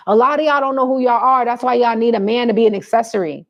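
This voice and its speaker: A woman talks straight to her viewers in a casual, sassy style, handing out blunt and preachy advice. Her voice sits on the higher side. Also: fast talker. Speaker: vlogger giving advice. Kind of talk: casual livestream chat to viewers.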